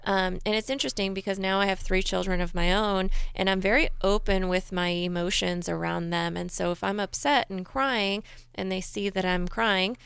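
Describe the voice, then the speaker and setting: Earnest female host, warm and personal; smooth voice with some fry, dry studio. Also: medium pitch, steady tone, moderate pace, hardly any pauses, no room sound. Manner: gentle, earnest, shares personal experience. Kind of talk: conversational talk show discussion.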